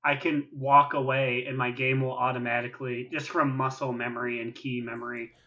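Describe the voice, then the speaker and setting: A man's voice: medium pitch, a little fast, highs cut off. A man co-hosting a casual gaming podcast, telling stories animatedly and acting out what other players said. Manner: animated storyteller, acts out other players' lines. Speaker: podcast co-host.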